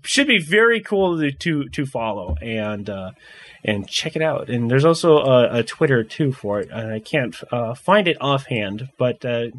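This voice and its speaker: A man's voice: mid-range voice, lively intonation, moderate pace, fairly bright tone. A man hosting a casual podcast, laughing often and rambling with restarts. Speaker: podcast host.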